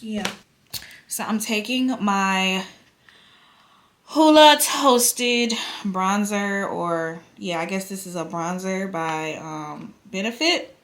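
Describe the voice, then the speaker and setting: A woman's voice: medium pitch, takes it slowly, a bit bright. Chatty young woman vlogging casually. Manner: chatty, slangy, addresses viewers as y'all. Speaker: vlogger doing a wig install. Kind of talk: casual chat to camera.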